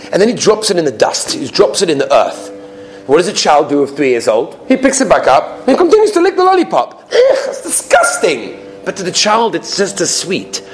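Guy giving a torah class, high voice, super animated, loud then hushed, hebrew words everywhere. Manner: animated, swings between loud exclamations and hushed asides; sprinkles Hebrew and Yiddish terms. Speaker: rabbi teaching a Torah class. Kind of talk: Torah lecture.

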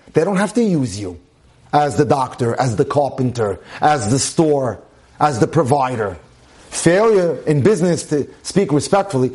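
Slightly high and a little mellow, this man's voice carries a sermon on marriage. His delivery is emphatic, built on repeated phrases and rhetorical questions.

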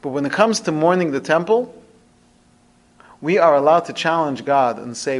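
A man teaching a religious lesson through storytelling, with expressive, dramatic shifts in pitch and loudness. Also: moderate pace, pauses often. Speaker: rabbi teaching a podcast lesson.

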